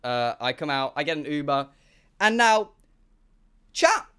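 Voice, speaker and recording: A young man tells a story to his stream chat, excitable and full of swearing. His voice sits high and swings widely, and it sounds bright and forceful as he acts out each exchange. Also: unhurried, smooth.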